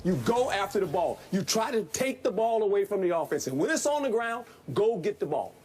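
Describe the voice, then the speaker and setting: A man, a former football coach, giving animated, folksy analysis in a sports debate and hammering the same point again and again. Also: sits high, brisk, breathy edge, soft background music.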